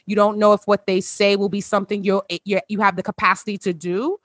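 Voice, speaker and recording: A woman hosts a casual conversation with close friends over a video call. She talks in a heartfelt, emotional way and laughs often. Her voice sounds dry and close, at a middle pitch. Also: level tone, brisk, no echo. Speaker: podcast host.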